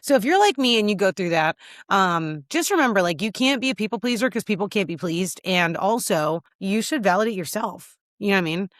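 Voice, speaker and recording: A woman's voice: mid-range voice, animated, a little fast, no room sound, clean studio sound. A woman hosting her podcast, talking candidly and casually with lots of fillers, a little teary. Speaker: podcast host. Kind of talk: casual solo video check-in.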